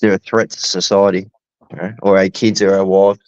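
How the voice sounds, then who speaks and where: Co-host, man, lowish voice, blunt casual chat, dry dull recording. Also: level tone, a little fast, darkish tone, no room sound. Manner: blunt, sweary banter. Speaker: podcast co-host.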